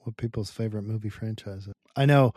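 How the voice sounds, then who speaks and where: A man co-hosting a podcast in casual chat, blunt and teasing, telling things in an animated way. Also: on the low side, fast, no echo, studio quality. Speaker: podcast co-host.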